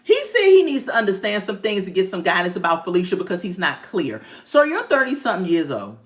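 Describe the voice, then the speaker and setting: A woman talks through a reality episode in a sassy, animated way. Her voice swings widely in pitch, and she laughs and jokes as she recaps it for her viewers. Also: fast. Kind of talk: casual commentary.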